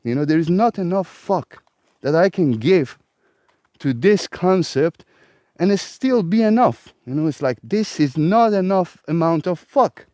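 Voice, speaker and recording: A man's voice: fairly high pitch, lively intonation, a little slow, dark tone, no room sound, studio quality. A man who hosts a self-help vlog, delivering a profane, exasperated ranting monologue. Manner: profane, emphatic, exasperated rant.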